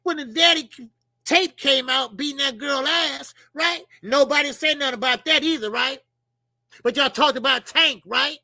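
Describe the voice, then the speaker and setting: A middle-aged man with a Chicago accent giving casual, profane, animated boxing commentary as a channel host. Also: very high-pitched, normal speed, no echo. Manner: animated, profane, laughing banter.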